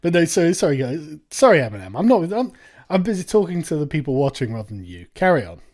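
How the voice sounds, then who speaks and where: Male commentary host, scornful and sweary, voice swinging widely in pitch. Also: very animated, fast talker, a little mellow. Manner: sarcastic, profane ranting. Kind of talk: reaction commentary.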